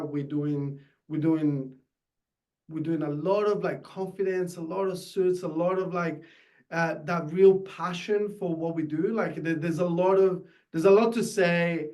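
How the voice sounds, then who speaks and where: Italian accent, man, guest speaker, slightly high voice, eager, halting restarts. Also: steady tone, a little mellow. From Italy. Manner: enthusiastic, halting with many restarts. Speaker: guest, tailor. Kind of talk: casual interview.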